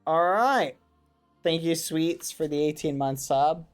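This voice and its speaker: Slow-talking excitable male streamer. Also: fairly high pitch, smooth, soft background music. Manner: excitable, talks to his chat; wholesome, avoids swearing. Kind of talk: casual gaming livestream chat.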